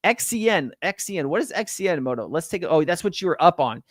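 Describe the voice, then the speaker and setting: Rambling, slightly high-voiced livestream host. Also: male voice, sing-song, fast talker, dry recording, clean studio sound. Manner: rambling, filler-heavy, profane; reads out and greets chat viewers. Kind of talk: casual livestream chat.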